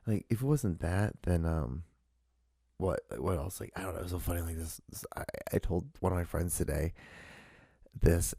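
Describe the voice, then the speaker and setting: A man's voice: deep voice, dark tone, no echo, clean studio sound. A young man hosting a solo podcast, rambling casually and swearing a lot between fillers. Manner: rambling and profane, full of fillers. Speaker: podcast host.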